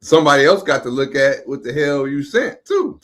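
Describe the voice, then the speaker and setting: A man's voice: fairly high pitch, big pitch swings, normal speed, a bit bright. A man co-hosting, explaining a point in casual, meandering chat.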